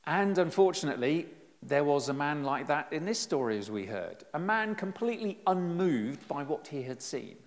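A middle-aged man giving a conversational, lively sermon with self-deprecating humor, recorded in a church. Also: on the high side, moderate pace. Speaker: preacher. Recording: long reverb in a church hall.

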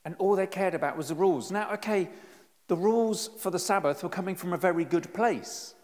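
A man's voice: sits high, fairly quick. Middle-aged man preaching in a reverberant church. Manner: conversational and lively, with self-deprecating humor. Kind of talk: sermon. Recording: long reverb in a church hall.

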